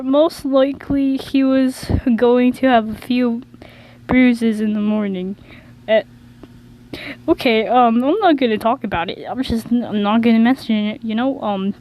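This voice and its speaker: A woman reads a fan story aloud, slowly, tripping over words and correcting herself as she goes. Her voice sits fairly high. The delivery is casual and unpolished. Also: a little mellow, poor audio. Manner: stumbling, self-correcting. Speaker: reader.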